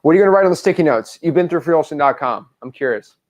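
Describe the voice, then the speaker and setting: A young man coaching a caller on a call, pushy and repeating lines slowly word by word. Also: a little high, animated. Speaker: wholesaling coach.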